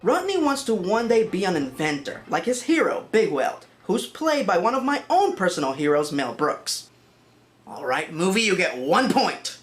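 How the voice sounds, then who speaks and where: A woman's voice: lowish voice, big pitch swings, normal speed. A woman narrating a comedic film review in a sarcastic, exasperated manner.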